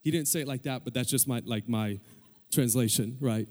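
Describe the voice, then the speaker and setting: A man's voice: mid-range voice, normal speed, a little mellow. A man preaching a sermon as pastor, calling out for amens from the congregation and building in intensity. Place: church sanctuary. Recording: long hall reverb.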